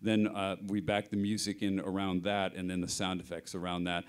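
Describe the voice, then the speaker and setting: A man's voice: low-pitched, completely flat delivery, normal speed, clean tone. A middle-aged man, a film sound mixer, explaining his work at a panel interview, hesitant with many restarts.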